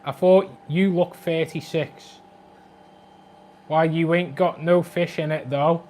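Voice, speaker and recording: A man in his twenties with a Scouse accent, chatting quickly and jokily on a livestream about his aquarium, reading out viewer comments. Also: on the high side, steady tone, a little mellow, slight background noise. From Liverpool, England. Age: 20s. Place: flat at home.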